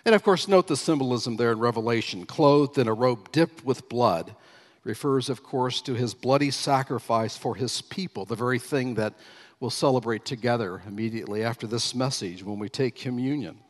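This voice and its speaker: A man's voice: mid-range voice, normal speed. Male pastor preaching, emphatic, leans on key phrases, long hall reverb. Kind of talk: sermon.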